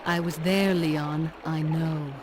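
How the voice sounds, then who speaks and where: An actress playing a calm, guarded young woman from a video game, speaking tersely with long reverb. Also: deep voice, slow, background noise. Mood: cool.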